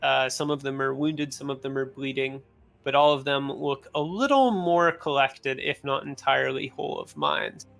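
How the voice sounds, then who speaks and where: A man narrating a tabletop role-playing game as game master, talking in a relaxed, loose way with fillers. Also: medium pitch, moderate pace, creaky.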